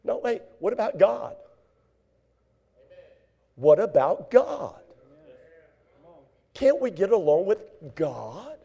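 Male preacher, high and mellow, animated sermon delivery with loud acted-out voices and hushed asides. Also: gravelly, husky, dull audio. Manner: reads scripture in slow drawn-out tones.

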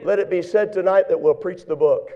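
A pastor preaching a sermon in church, swinging from hushed, quiet lines to shouted, fervent exhortation. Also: male voice, sits high, a little fast, muffled recording.

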